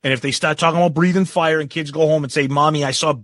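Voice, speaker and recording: A man's voice: on the high side, fairly even intonation, rapid-fire, a bit bright, dry recording. A man co-hosting a podcast in casual chat, often restarting his words and talking emphatically. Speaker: podcast co-host.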